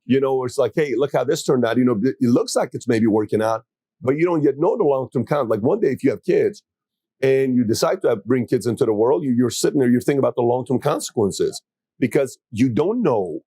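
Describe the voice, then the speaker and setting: A man's voice: mid-range voice, animated, brisk, mellow, husky, no room sound. A man hosting a podcast who works through his points casually, thinking aloud with restarts. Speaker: podcast host. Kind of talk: casual chat.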